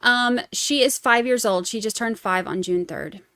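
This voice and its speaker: A woman's voice: on the high side, normal speed, fairly bright tone, dry recording, clean studio sound. A woman hosting a casual true crime live stream, chatting and reading viewer comments aloud. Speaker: true crime livestream host.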